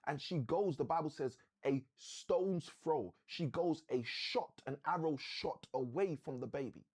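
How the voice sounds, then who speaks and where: Guy hosting a live motivational stream, kinda husky, sermon vibes, a bit higher voice. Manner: animated, preacher-like storytelling with dramatic slow emphasis. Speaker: host of a live session.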